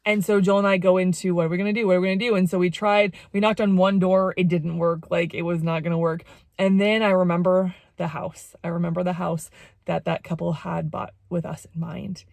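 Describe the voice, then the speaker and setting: A woman's voice: on the low side, flat delivery, brisk, gravelly, darkish tone, no room sound. Woman sharing a rambling heartfelt story. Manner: rambling, repeats phrases, many "like"s. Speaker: jewelry vlogger and former missionary. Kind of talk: emotional personal testimony.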